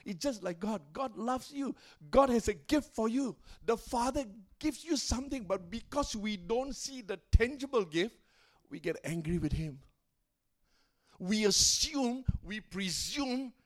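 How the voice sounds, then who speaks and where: A man preaching as a pastor at a church service, telling a story with rising and falling loudness and pace and calling out to the congregation for a response. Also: sits high, expressive, normal speed. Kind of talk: sermon storytelling.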